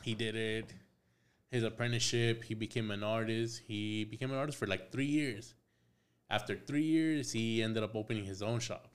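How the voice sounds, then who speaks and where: Young man, podcast guest, relaxed storytelling, lots of swearing, acts out quotes. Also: fairly low pitch, moderate pace. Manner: laid-back, swears a lot, acts out quotes. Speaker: podcast guest, tattoo artist. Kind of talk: casual storytelling chat.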